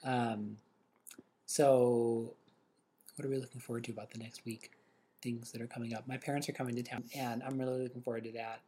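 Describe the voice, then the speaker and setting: A man's voice: medium pitch, level tone, a little fast, dark tone, slight background noise. A man co-hosting a casual podcast, talking in an easygoing, hesitant way with many ums. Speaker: podcast co-host and father. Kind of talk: casual chat.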